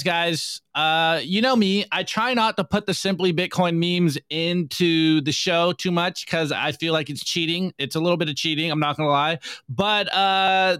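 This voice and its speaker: Smooth, dry-voiced male podcast host. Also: on the high side, no room sound. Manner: energetic, laughs often, slangy. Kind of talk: casual meme review commentary.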